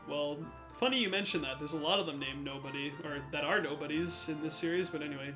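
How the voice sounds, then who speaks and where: A young man commenting over gameplay in a high, wry voice. His jokes are sarcastic and offhand, and soft music plays behind him. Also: quick pace, few pauses. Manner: sarcastic and joking. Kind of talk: let's play commentary.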